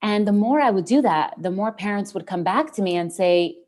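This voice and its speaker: A woman's voice: medium pitch, animated, fairly quick, a little mellow. A woman guest on an interview podcast, earnestly retelling a story about parenting with many restarts and fillers.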